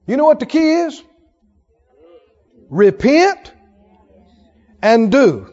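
A man preaches in a very high voice, drawing answers from the congregation and pressing his points hard. His sound carries a long church-hall reverb, and the recording is dull and muffled. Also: sing-song, extremely slow, a little mellow. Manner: preaching with call-and-response, rising to emphatic exhortation. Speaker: pastor. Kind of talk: sermon. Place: church sanctuary.

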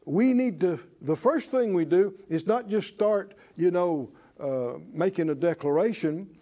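High voiced preacher guy, lively, gets the church to answer him back. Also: a little slow. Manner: animated, mimics worried voices, asks congregation to respond. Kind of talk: sermon.

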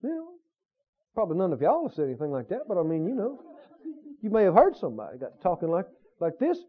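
Emphatic high-pitched preacher, lively. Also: male voice, fast, narrow, tinny audio. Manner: emphatic preaching with repetition and questions to the congregation. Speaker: pastor. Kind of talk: sermon.

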